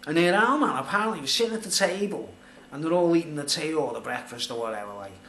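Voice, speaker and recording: A man's voice: on the high side, expressive, quick pace, fairly bright tone. A middle-aged man telling a rambling personal story in a casual vlog, full of "like" and "you know". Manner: rambling, filler-heavy, conversational. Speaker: vlogger. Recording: roomy echo, faint background noise.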